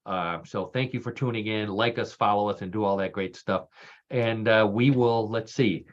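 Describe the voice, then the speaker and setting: A man's voice: lowish voice, moderate pace, lo-fi sound. A man with a Texas accent hosting a casual radio show. He jokes and laughs often and restarts with "uh". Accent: Texan. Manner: chatty and jokey, laughs often, with frequent "uh" restarts. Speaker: show host. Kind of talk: casual radio chat, hosting a news quiz.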